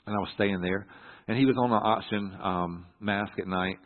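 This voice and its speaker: A middle-aged man telling a personal story from the pulpit, halting and earnest with many restarts. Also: fairly low pitch. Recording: echoey hall through a phone-like line.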